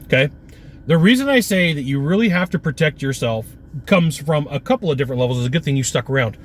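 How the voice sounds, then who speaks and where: A man giving an energetic, punchy sales coaching talk with lots of repetition. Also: a little high, fast, a little hiss or hum.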